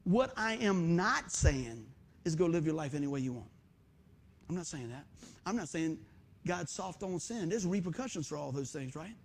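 High-voiced, fired-up preacher man. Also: normal speed, slight background noise. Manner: energetic preaching, voice swings between loud bursts and quiet asides. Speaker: pastor. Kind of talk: sermon.

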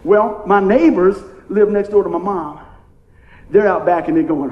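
Pastor, man, high voice, chatty call-and-response preaching, roomy echo. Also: normal speed, phone-quality sound. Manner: playful, call-and-response preaching with frequent "amen?". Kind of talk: sermon.

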